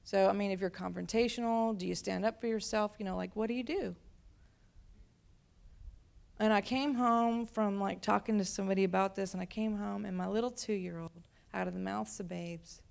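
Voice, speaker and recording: Woman, pastor, gravelly, chatty sermon, storytelling. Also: mid-range voice, fairly even intonation, moderate pace, darkish tone.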